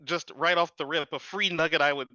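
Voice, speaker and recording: Interview guest, man in his 30s, chatty and rambling, sharp-toned voice on a muffled, dry recording. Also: a little high, fairly even intonation, fairly quick, no room sound. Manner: rambling, frequent fillers and laughs. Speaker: guest, drone business owner. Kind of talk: casual interview storytelling.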